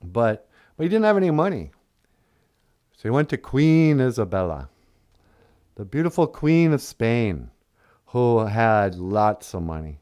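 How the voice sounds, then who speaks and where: Unhurried, lively man spinning a jokey tale. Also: mid-range voice. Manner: rambling, jokey asides. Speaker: storyteller on a puppet podcast. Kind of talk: comedic storytelling.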